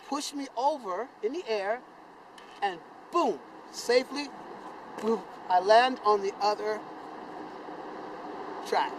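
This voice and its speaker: An older man from South Carolina, telling a personal story to camera with sound effects and acted-out voices. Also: background noise. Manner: animated, sound effects like boom and bam, acts out voices.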